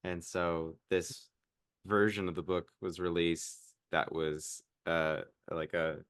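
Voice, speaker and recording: A man's voice: low voice, flat delivery, takes it slowly, a bit bright, smooth, no echo, studio quality. A man in his mid-twenties, a podcast guest, chatting casually with lots of fillers and laughing at himself. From Iowa. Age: 20s. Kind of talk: casual interview chat.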